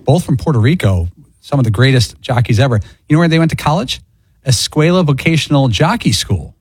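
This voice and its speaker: Male co-host, husky voice, animated pitch, joking asides. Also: brisk, no room sound. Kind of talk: casual sports radio chat.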